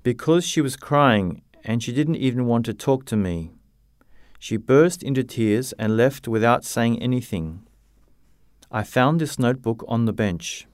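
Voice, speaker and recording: A man voicing a heartbroken, stubborn teenage boy in a slowly read storybook. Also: medium pitch, animated, dry recording, studio quality, close to an everyday voice. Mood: upset. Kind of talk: graded-reader story narration.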